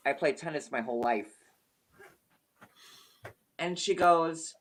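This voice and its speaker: Guy on a live stream telling a wild story, all animated and swearing for emphasis. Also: on the high side, unhurried, long pauses. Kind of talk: casual storytelling.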